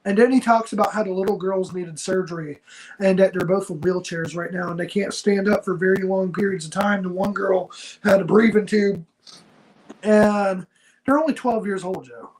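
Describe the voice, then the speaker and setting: A man's voice: high-pitched, fairly even intonation, moderate pace, darkish tone, a little hiss or hum, poor audio. A man co-hosting a wrestling review podcast, talking in an earnest, heartfelt, slangy casual chat. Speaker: wrestling show co-host.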